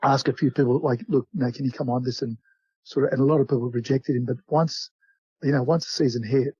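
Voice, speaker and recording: A man's voice: mid-range voice, steady tone, fast talker, mellow, slightly rough, no room sound, highs cut off. A man in his forties, a guest telling rambling stories in casual podcast chat, with many restarts. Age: 40s.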